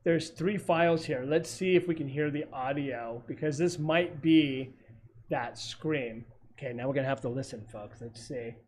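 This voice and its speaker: Over a video call, a man who looks into hauntings rambles through some stories, his speech full of fillers and self-corrections. He has a mid-range, darkish voice at normal speed, with a little hiss or hum on the recording.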